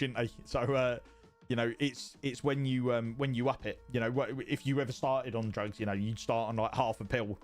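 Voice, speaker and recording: A man streaming from home, chatting casually with viewers in a rambling, sweary way that repeats itself. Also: medium pitch. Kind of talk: casual livestream chat reading viewer messages.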